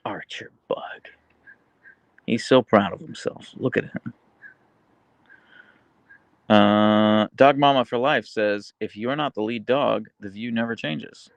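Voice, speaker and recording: Gravelly man chatting on a livestream. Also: measured pace, pauses often, no room sound, lo-fi sound. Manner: goes high and cooing when talking to his dog. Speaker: livestream host. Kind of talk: casual live chat reading comments.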